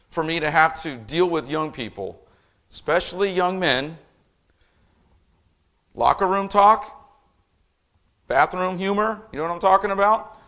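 Man, pastor, sermon, emphatic, swelling and dropping loudness, fairly high voice. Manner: emphatic preaching, rising and falling loudness.

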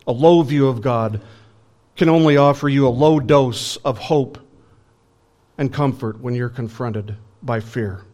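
A man's voice: medium pitch, measured pace, a little mellow. A man preaching a sermon in an earnest, emphatic way, building lists and asking rhetorical questions.

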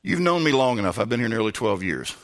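A man preaching a sermon as pastor, who moves from low, measured talk to shouted preaching. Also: sing-song. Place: church.

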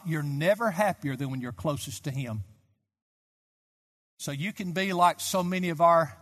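Older male pastor, fervent pulpit delivery, high-pitched, long church reverb. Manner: impassioned preaching, swings from soft to loud. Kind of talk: sermon.

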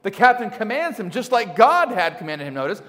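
Animated high-voiced male preacher, echoing hall. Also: a little fast. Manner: animated preaching, rhetorical questions to the congregation. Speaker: pastor. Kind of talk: sermon. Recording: long hall reverb.

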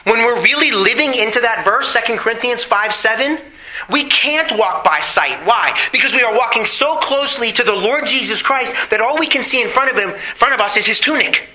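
A middle-aged man preaching a sermon, asking the congregation questions and slowing down on key phrases. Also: extremely high pitch, expressive, pushed and bright, rough recording. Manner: preaching with rhetorical questions and emphatic slow phrases. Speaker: pastor.

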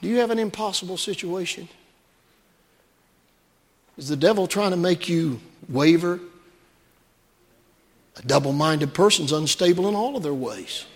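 A man's voice: high-pitched, expressive, a little slow, long pauses, slightly rough, big-room sound. A man preaching a sermon to his congregation, earnest and repetitive, asking them direct questions. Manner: earnest, repeats phrases, rhetorical questions to the congregation. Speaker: pastor. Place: church.

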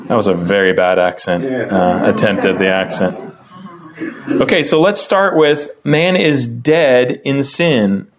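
A man teaching a casual Bible study class in a conversational way, calling on people by name to read, and often rising in pitch as he explains. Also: slow.

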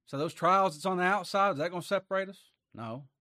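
A man preaching a sermon. He reads scripture aloud, rises to emphatic peaks, then drops low for quiet asides. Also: fast, hardly any pauses, no room sound, clean studio sound.

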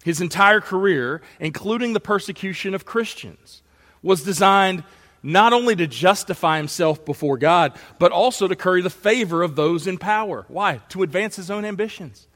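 A man's voice: high-pitched, animated, normal speed, a bit bright. A man preaching an expository sermon to his church, earnest and building to emphatic rhetorical questions. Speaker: pastor. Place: church sanctuary. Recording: long hall reverb.

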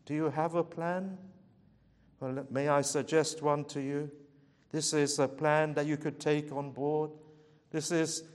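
A man's voice: on the high side, level tone, a little slow, in a large hall. A man preaching a sermon, earnestly pleading with his listeners and asking repeated rhetorical questions.

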